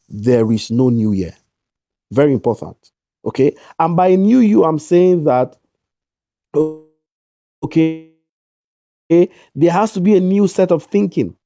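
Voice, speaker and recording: A man's voice: fairly high pitch, mellow, no echo. A man giving an emphatic motivational talk, repeating his key lines over a video call. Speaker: guest speaker.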